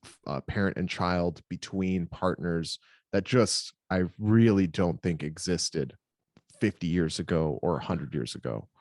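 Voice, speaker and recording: Male podcast co-host, lowish dry voice, loose rambling storyteller. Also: darkish tone, dry recording. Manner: rambling storyteller, heavy on filler words. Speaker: podcast co-host and new father. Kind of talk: casual podcast conversation.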